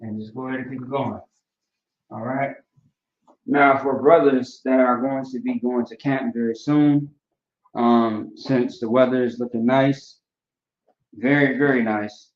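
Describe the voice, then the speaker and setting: A man's voice: mid-range voice, unhurried. Guy teaching a class, laid back, lots of "you know" and "right?", sounds far off in a roomy classroom. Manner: relaxed, repeats fillers like "you know" and "right?". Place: classroom, writing on a board. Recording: roomy, distant, dull lo-fi sound.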